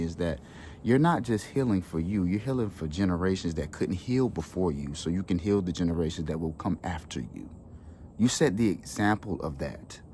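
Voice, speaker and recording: A man's voice: low-pitched, a little mellow, slight background noise. A man with children telling an emotional personal story in a casual, earnest way, sprinkled with street slang. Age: adult with children. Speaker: wellness channel host.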